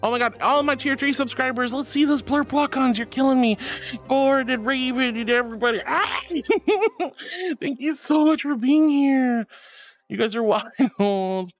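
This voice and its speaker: A woman's voice: high voice, a little slow. A woman streamer chatting casually with viewers, playful and giggly, calling them sweetie and honey. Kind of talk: casual chat reading out viewer messages. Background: faint background music.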